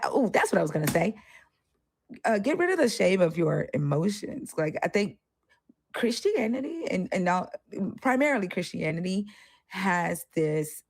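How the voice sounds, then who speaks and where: A woman's voice: fairly low pitch, expressive, a little slow, creaky, darkish tone, dry recording. A woman co-hosting a casual discussion, candid and profane, often acting out the voices of people she quotes. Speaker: co-host.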